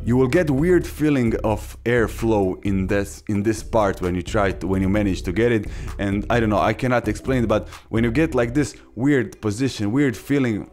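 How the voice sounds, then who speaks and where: A young man hosting a casual beatbox tutorial, talking haltingly with many fillers and restarts. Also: on the low side, darkish tone, faint music behind. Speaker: beatbox tutorial channel host.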